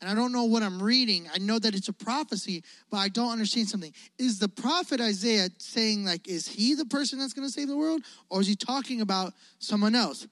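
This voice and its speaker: A man's voice: high-pitched, fairly quick, hardly any pauses, fairly bright tone, no room sound, big-room sound, low-quality recording. A man voicing a puzzled ancient male court official asking earnestly about a scripture passage, in a retold Bible story. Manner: earnest, questioning.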